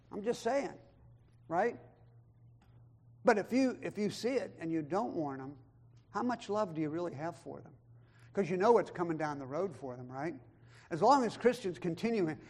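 Guy preaching, pretty high voice, gets loud then goes quiet, reads old bible verses. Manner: emphatic, swings between loud and hushed; quotes scripture in old-style wording. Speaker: pastor. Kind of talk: sermon.

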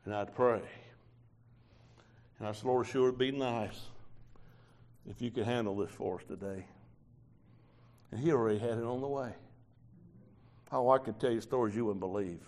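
A preacher, telling a sermon testimony in a folksy storytelling way with quoted dialogue. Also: male voice, mid-range voice, a little mellow.

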